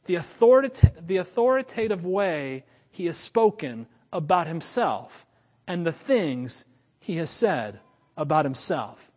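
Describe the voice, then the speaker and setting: A man preaching a sermon, animated, chuckling and repeating lines for emphasis. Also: a little high, a little slow. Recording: long reverb of a large hall.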